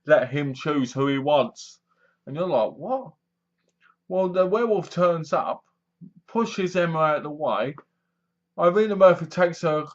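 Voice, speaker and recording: A man with a fairly high voice reviews a horror film in a casual monologue, retelling the plot with acted-out reactions and sound effects. The sound is lo-fi.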